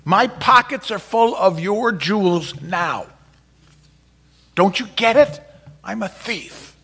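A man's voice: mid-range voice, fairly quick, fairly bright tone, pitched below the performer's own voice, lightly acted. A man voicing an ashamed young male thief who pleads in a choked, raised voice. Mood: anguished.

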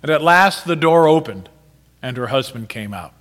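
A man's voice: on the high side, expressive, moderate pace, a bit bright. Man reading a story dramatically. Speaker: narrator.

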